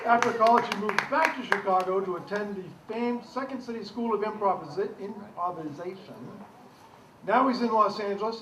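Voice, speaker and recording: A man's voice: high-pitched, fairly bright tone, roomy sound, a little hiss or hum, low-quality recording. A man from County Cork with a Cork Irish accent, emceeing a comedy night and groaning at his own puns. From Ireland. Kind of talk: comedy show introductions.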